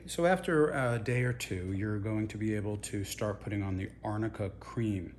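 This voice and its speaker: A man, a facial plastic surgeon, calmly talking viewers through aftercare steps in a reassuring, instructive way. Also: lowish voice, a little hiss or hum. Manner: calm, reassuring, repeats gentle guidance. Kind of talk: instructional demonstration.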